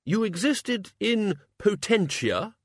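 A man playing a bluff, booming old wizard. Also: big pitch swings, takes it slowly, slightly rough, no echo, clean studio sound, full character voice. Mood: hearty. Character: bluff older male archchancellor wizard, hearty and blunt.

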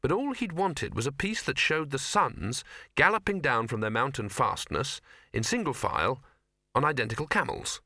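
A man narrates an audiobook in a wry, lively storytelling manner. His voice is bright and crisp at a middling pitch, recorded close and completely dry. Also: normal speed, dry recording.

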